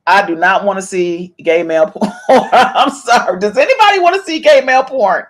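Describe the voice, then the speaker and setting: A middle-aged woman hosts a podcast full of chatty, animated celebrity gossip commentary, playfully meowing her catchphrase. Her pitch is medium, her pace moderate, and she pauses little.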